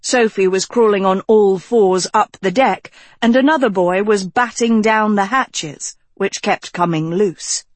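A woman narrating a storybook in a measured, expressive way. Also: mid-range voice, no echo. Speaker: audiobook narrator.

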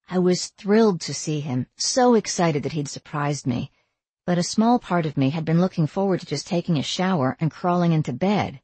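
Husky woman reading a first-person novel. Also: lowish voice, lively intonation, normal speed, warm tone, dry recording. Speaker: audiobook narrator. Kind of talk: first-person audiobook narration.

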